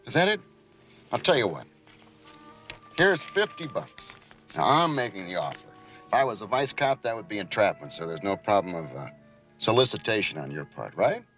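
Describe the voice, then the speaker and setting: An actor playing a sleazy, pushy male driver who coaxes a young woman with a smooth, lilting voice in an old TV crime drama. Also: lowish voice, very animated, normal speed, pauses often, fairly bright tone, faint music behind. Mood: coaxing. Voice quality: smooth, coaxing. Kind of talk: 1970s TV crime drama acting.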